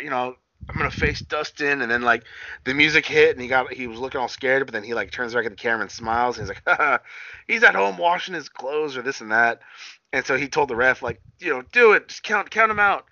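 A man's voice: mid-range voice, no echo. A young man co-hosting a casual podcast, swearing freely and acting out what people said. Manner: animated, swearing, acts out quotes. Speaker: podcast co-host. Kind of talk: casual wrestling chat. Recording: dull, lo-fi dry sound.

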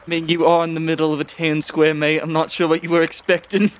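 A man's voice: a little high, completely flat delivery, fast talker. A young man playing in a tabletop game, teasing the others wryly. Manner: wry, teasing. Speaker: player.

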